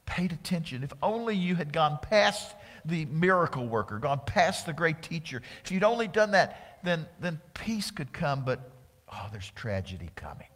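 A man voicing a sorrowful Jesus who weeps over a city, speaking low and sinking to a hush. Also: very animated, normal speed, in a large hall. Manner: low, grieving, fading to a hush.

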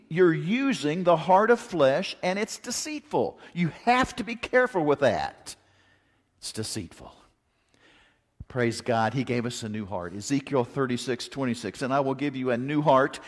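A man preaching a sermon in a folksy, joking, animated way, mixing stories with scripture. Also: mid-range voice, normal speed. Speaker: pastor. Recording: long hall reverb.

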